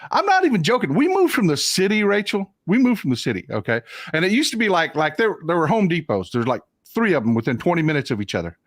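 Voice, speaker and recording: A male host chats on his livestream, his fairly high voice leaping up and down as he tells stories. He acts out the people in his stories. The sound is dry and close, with no room around it. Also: fast talker, no echo. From Texas. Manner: animated storyteller, mimics people in raised voices. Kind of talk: casual chat.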